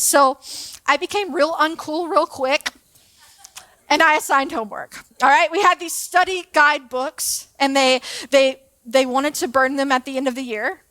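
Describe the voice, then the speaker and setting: A woman giving a storytelling sermon in a chatty, animated way, often checking in with her audience. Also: sits high, measured pace, no echo. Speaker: preacher and former teacher. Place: church auditorium.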